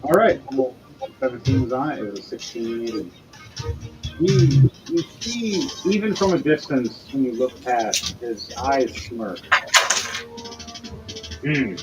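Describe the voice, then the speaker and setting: A man running a tabletop game online as game master, describing scenes in a relaxed way with filler words. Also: medium pitch, a little slow. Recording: dull lo-fi sound with loud music behind.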